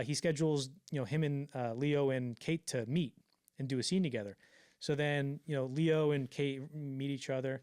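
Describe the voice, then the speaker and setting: A man telling a story on a casual podcast, swearing freely and acting out the quotes in quick put-on voices. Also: mid-range voice, darkish tone, smooth, dry recording, clean studio sound. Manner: fast, profane, acts out quotes in voices. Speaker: podcast co-host.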